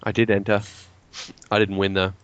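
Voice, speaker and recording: A man with a lowish voice, co-hosting a podcast in a wry, teasing way. He chats loosely and laughs easily, and the sound is dull and lo-fi. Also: completely flat delivery, normal speed, a bit bright, clean tone, dry recording. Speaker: podcast co-host. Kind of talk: casual podcast chat.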